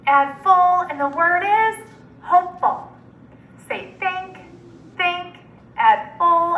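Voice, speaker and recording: Slow, high-voiced woman teaching phonics. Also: pushed and bright, reverberant, recorded from a distance, slight background noise, poor audio. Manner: slow, deliberate word-by-word enunciation. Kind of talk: phonics drill lesson.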